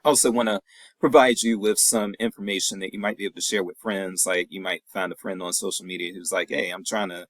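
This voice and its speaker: A man who is a professor giving a recorded weekly check-in lecture to his class, in a relaxed, reassuring, chatty way with many fillers. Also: low-pitched, a little fast, dry recording, rough recording.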